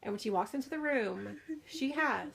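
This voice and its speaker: Gravelly-voiced mother telling a story. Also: on the high side, normal speed, a little hiss or hum. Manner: animated storyteller, acts out voices and laughs often. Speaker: podcast co-host, mother. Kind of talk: casual storytelling chat.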